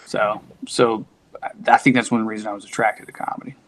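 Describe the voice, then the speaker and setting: A man's voice: lowish voice, flat delivery, fairly quick. A man in his thirties from East Tennessee with a local accent, chatting candidly as a comedian guest and telling stories in folksy quotes. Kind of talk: casual podcast chat.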